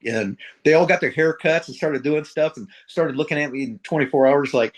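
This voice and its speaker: A middle-aged retired Marine sergeant major from middle America, telling war stories in a blunt, profane way and acting out the dialogue. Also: male voice, a little high, a little fast, hardly any pauses. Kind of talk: casual storytelling interview.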